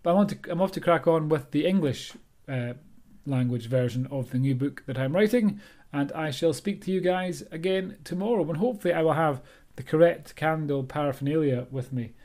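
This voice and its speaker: A man's voice: fairly high pitch, brisk, a little mellow. A Scottish author hosting his own podcast, talking alone in a rambling, self-deprecating, chatty way. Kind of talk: casual solo podcast monologue.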